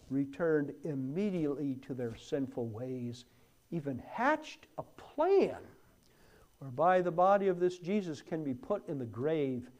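A man's voice: on the high side, sing-song, unhurried, a little mellow. A man preaching a sermon, swelling hard on key words and then dropping almost to a whisper. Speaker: pastor.

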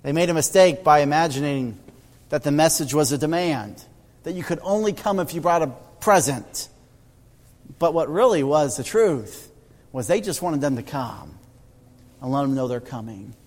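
A male pastor telling stories in a sermon, often halting and repeating words. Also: a little high, expressive, in a large hall. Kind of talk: sermon storytelling.

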